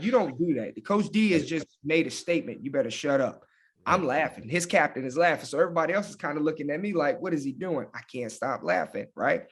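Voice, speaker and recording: Male guest, football coach, animated storyteller, slightly raised pitch. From Hampton, Virginia. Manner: animated, laughing, with lots of fillers like "man" and "you know". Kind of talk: casual storytelling.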